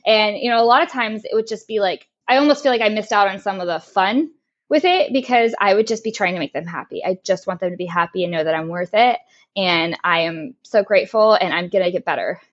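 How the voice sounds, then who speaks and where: A young woman race car driver, a guest on a podcast, talks candidly and with feeling about her racing, laughing often and swearing freely. Her medium-pitched voice moves a little fast, and the audio is lo-fi and muffled.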